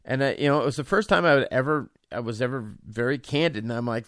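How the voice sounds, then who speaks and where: A man's voice: medium pitch, quick pace, few pauses, a bit bright, clean tone, no echo, clean studio sound. A man in his forties, a podcast host, telling a personal story with many restarts and fillers.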